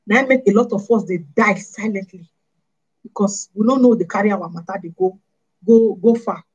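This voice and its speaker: A woman with a Nigerian Pidgin accent delivers a lively monologue to camera, her voice husky and a little breathy. She scolds her listeners and fires rhetorical questions at them one after another. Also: medium pitch, moderate pace, dull audio. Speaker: vlogger.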